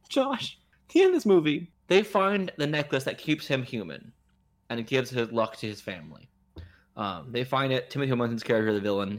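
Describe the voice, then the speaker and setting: A man chatting on a podcast about a film, his pitch jumping around as he retells scenes with disbelief. His delivery is loose and conversational, with frequent laughs and asides. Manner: animated, incredulous retelling with laughs. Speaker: podcast co-host. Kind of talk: casual chat reviewing a movie.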